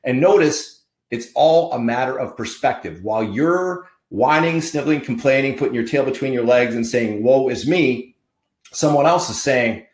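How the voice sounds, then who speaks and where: A man's voice: medium pitch, normal speed, hardly any pauses, echoey room. A man hosting a podcast, giving an emphatic, fired-up motivational monologue with punchy repetition. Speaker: podcast host.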